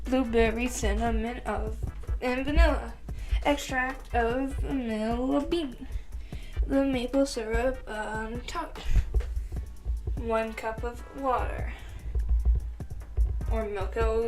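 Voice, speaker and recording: A teenage girl talking through her study notes in a slow, offhand way and swearing casually. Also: a little high, a little mellow. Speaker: student.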